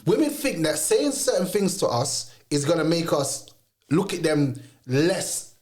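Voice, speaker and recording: Young man with a fairly high voice. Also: big pitch swings, unhurried, darkish tone. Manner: explaining, reasoning things through. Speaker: podcast co-host. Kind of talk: casual chat.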